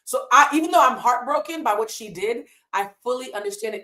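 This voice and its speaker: A woman's voice: a little high, animated, fairly quick, hardly any pauses, pushed and bright. Impassioned woman hosting a live stream. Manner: impassioned, emotional, swears freely. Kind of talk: casual live stream commentary. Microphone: desk mic in a hotel room.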